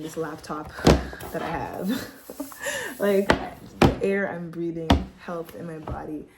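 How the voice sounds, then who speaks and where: A young woman from Quebec talks at home into her laptop with a slightly low voice. She shares a personal testimony in a candid, heartfelt and chatty way. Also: heavy background noise. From Quebec, Canada. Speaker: vlogger.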